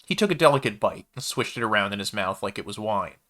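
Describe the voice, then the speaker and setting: A man narrating a sci-fi story in a steady, measured reading voice. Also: lowish voice.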